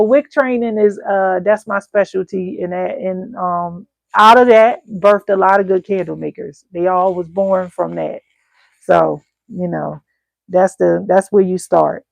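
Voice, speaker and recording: A woman candle-making coach telling stories to her viewers in an animated, colloquial, chatty way. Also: medium pitch, vocal fry, no room sound. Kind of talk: casual storytelling to viewers.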